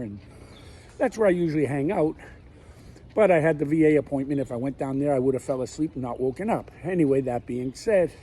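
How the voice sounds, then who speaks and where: A man's voice: mid-range voice, mellow, a little hiss or hum, low-quality recording. Blunt, folksy middle-aged man rambling. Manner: candid, folksy, talks in plain blunt words. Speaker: vlogger. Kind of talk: rambling personal monologue. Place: outdoors, walking around his backyard pool.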